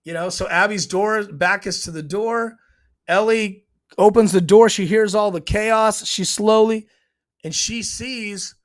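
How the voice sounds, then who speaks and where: Man giving an animated, rambling TV recap. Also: sits high, unhurried. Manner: rambling, animated, frequent throat clearing. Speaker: show host. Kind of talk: emotional TV episode recap.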